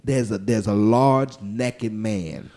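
A man's voice: on the low side, slow. A man telling a crude comic story on a podcast, acting out the people in it with lots of slang. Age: adult, calls himself old now. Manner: animated storyteller, crude slang, acts out voices.

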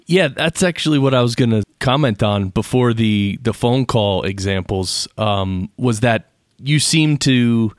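A man's voice: medium pitch, unhurried, no echo, clean studio sound. A male podcast host asking a casual question in an interview, hesitant and full of fillers while he works toward his point.

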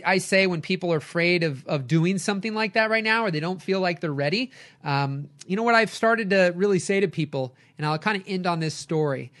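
A middle-aged man, a coach and podcast host, giving an energetic motivational talk with lively storytelling. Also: a little high. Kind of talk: motivational talk, live stream.

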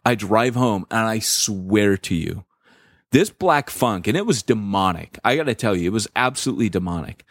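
A middle-aged man co-hosting a podcast, telling a personal story in a casual, slangy, animated way full of fillers. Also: lowish voice, moderate pace, dry recording, clean studio sound. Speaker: podcast co-host.

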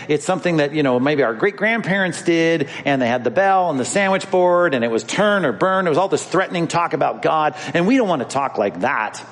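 A male pastor preaching a sermon in a church, conversational and emphatic, speaking straight to the congregation. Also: on the high side. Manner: conversational, emphatic preaching with pointed direct address. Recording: long hall reverb.

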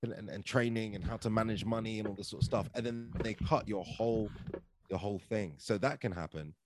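A man's voice: on the low side, fairly quick, noisy background. Chatty man telling stories. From London, England. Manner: chatty, animated, filler-heavy with "like" and "right?". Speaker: podcast guest, actor and comedian. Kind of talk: casual storytelling.

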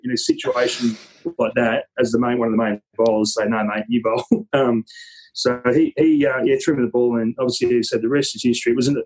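A man's voice: medium pitch, flat delivery, a little fast, darkish tone, slightly rough, rough recording. An Australian man, an interview guest, telling a story in a casual, rambling way with many restarts.

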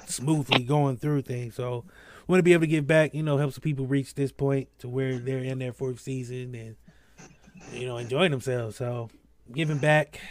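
A man's voice: mid-range voice, a little hiss or hum. A man hosting a podcast in casual chat, laid-back and slangy, laughing often, with a sore throat. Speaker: podcast host.

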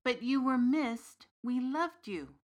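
A woman's voice: sits high, lively intonation, slow pace, pitched above the performer's own voice. A woman reading the lines of an earnest, grieving young man full of questions in an audiobook story.

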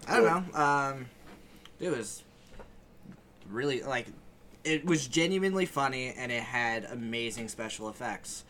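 A man's voice: medium pitch, a little slow, long pauses, a crowd in the background. A young man co-hosting a casual podcast, giving a loose, profane movie opinion.

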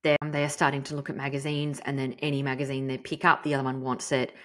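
A woman, a mother telling a story in a frank, chatty, animated way. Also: very deep voice, quick pace. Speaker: podcast host. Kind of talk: casual storytelling monologue.

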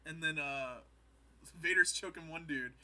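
A man in casual podcast chat, retelling comedy scenes and slipping into quick voices, often laughing. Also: fairly high pitch, sharp tone.

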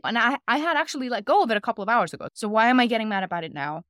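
A woman co-hosting a podcast who tells stories in a casual, animated way and acts out the quotes. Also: a little high, racing, hardly any pauses, no room sound, clean studio sound. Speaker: podcast co-host. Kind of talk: casual conversational storytelling.

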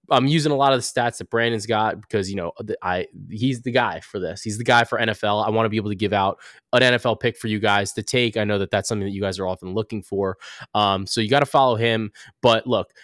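Man, podcast host, low voice, casual rambling talk, dry sound. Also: a bit bright, no room sound. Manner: loose, rambling, self-correcting. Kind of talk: casual sports betting chat.

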